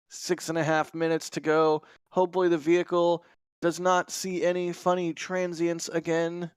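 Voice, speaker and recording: An excited man hosts a live rocket launch stream, talking through the countdown with co-hosts. His voice is smooth and clear, recorded close and dry with no room sound. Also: fairly high pitch, no echo. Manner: excited, chatty. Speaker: livestream host.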